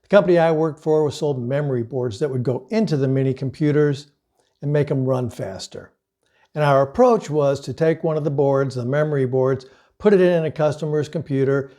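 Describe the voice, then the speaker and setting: A man's voice: mid-range voice, brisk, dark tone. A middle-aged man and sales coach telling a personal story as a lesson, in an earnest, conversational way with casual fillers.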